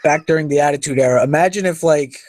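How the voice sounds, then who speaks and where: A man's voice: a little high, quick pace, darkish tone, no room sound. A man co-hosting a live chat, mocking and dismissive of fans. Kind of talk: profane ranting chat.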